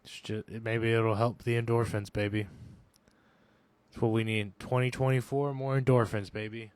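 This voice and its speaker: Joking male co-host, fairly low voice, dry close sound. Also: little pitch movement, normal speed, a little mellow, clear, resonant tone, no room sound. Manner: playful, joking, profane banter. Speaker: podcast co-host. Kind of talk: casual podcast chat.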